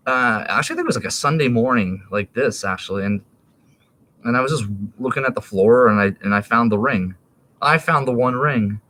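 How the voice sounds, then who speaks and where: A man's voice: medium pitch, a little fast, bright, forceful tone, slight background noise. A man in his thirties rambling in a casual, profane monologue, laughing and jumping between topics.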